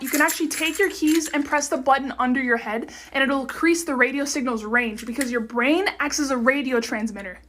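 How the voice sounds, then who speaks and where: High-voiced woman ranting facts bluntly. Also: fairly bright tone. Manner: blunt, swears a lot, mock-authoritative. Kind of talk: deadpan fact-listing comedy rant.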